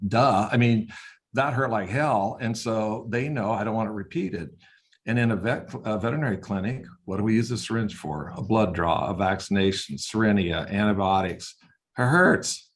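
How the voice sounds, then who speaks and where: An older man, a veterinarian, telling casual stories with lively sound effects. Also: lowish voice, moderate pace. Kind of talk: casual storytelling.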